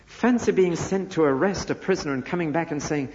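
A man's voice: a little high, fairly quick, few pauses, darkish tone, slight background noise. A man preaching an expository sermon emphatically, with rhetorical questions and dramatic rises and drops in his voice. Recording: echoey hall, dull lo-fi sound.

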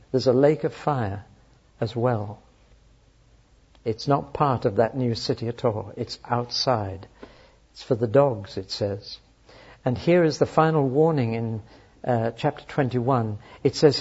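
Male preacher, husky, lively Bible teaching with loud exclamations, muffled lo-fi sound. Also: mid-range voice, a little slow. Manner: animated, swings from quiet asides to exclamations. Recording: dull lo-fi recording.

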